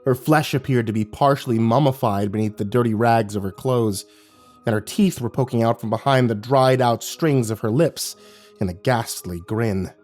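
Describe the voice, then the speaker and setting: A man's voice: mid-range voice, moderate pace, faint music behind. A man narrating a horror story in a dramatic, scripted style. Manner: dramatic, lively delivery.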